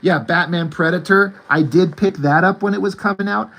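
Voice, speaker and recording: A man's voice: high voice, moderate pace, creaky, fairly bright tone. A man in his forties hosting his own art channel, chatting casually and with enthusiasm about movies and comics, rambling and saying "like" a lot. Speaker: artist and channel host.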